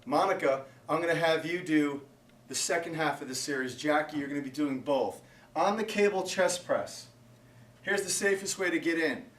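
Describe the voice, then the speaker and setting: A man's voice: a little high, moderate pace, recorded from a distance, slight background noise. Male personal trainer, barks counts and brief cues, recorded away from the mic in an echoey gym. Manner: counts reps out loud and gives short commands. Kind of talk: workout coaching.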